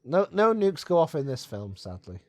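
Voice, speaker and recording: Animated, wisecracking man co-hosting. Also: on the high side, normal speed, no echo, clean studio sound. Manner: bantering, wisecracking. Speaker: film commentary co-host. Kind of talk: joking film commentary.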